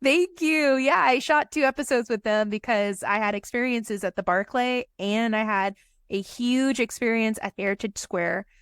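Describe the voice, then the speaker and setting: A woman's voice: fairly high pitch, moderate pace, a bit bright, clear, resonant tone, dry recording, clean studio sound. Chatty woman telling a story. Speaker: guest. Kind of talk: casual podcast storytelling.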